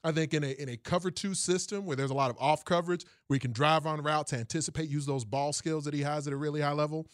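A man talks through a player's strengths in a casual sports chat, analytical and thorough. His voice sits a little high, and the sound is dry and close with no room around it. He often repeats a word or two as he gets going. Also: fairly even intonation, fast talker, few pauses, no room sound. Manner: analytical, detailed, repeats words when starting. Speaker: football analyst.

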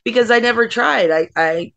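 A woman's voice: on the high side, moderate pace, vocal fry, fairly bright tone. A middle-aged woman, a wrestler, telling blunt, brash stories in a casual interview and laughing through them. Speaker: wrestler, guest.

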